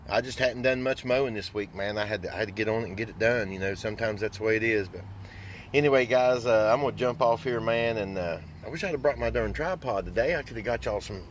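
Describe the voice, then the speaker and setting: An older man who runs a small engine repair and lawn care business rambles casually in a folksy vlog-style chat. His voice sits fairly low and has a fairly bright tone.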